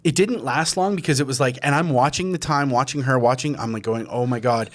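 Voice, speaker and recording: A man hosting a podcast tells a long story in casual conversation, rambling with plenty of fillers and acting out his own quoted reactions. His voice is mid-range and he talks fairly quickly.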